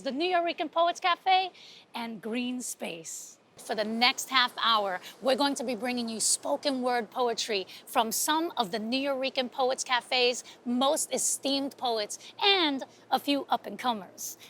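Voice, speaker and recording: The audio carries a faint hiss or hum as a high-voiced woman from Brooklyn, New York, hosts an outdoor show in front of a cafe. A playwright as well as a host, she delivers a solo monologue as lively, streetwise storytelling.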